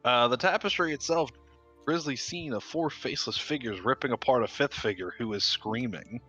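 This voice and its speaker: A man running a tabletop game as game master, describing scenes in a halting way full of fillers. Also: medium pitch, sharp tone, muffled recording, faint music behind.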